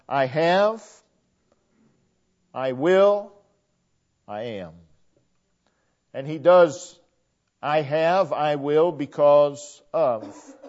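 A man preaching a sermon, slow and deliberate, repeating phrases for emphasis. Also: fairly high pitch, darkish tone. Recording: dull lo-fi recording.

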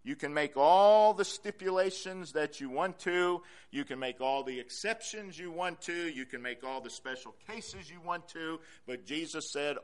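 A man's voice: high-pitched, animated, moderate pace. Emphatic male pastor preaching. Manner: emphatic preaching, swinging from soft to loud, repeats key phrases. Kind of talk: sermon. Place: church.

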